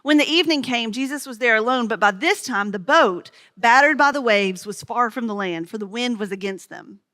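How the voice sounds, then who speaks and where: A woman's voice: on the high side, expressive, fairly quick, pushed and bright. A woman pastor, telling stories in a conversational sermon and talking with children. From Smoky Mountains, USA. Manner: storytelling, conversational, talks with children.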